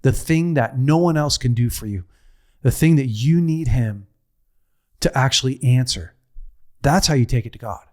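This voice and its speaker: A middle-aged man giving a heartfelt teaching talk, telling a personal story with repetition, restarts and a pace that swings from slow to rushed. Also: medium pitch, expressive. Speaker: speaker on a men's ministry show.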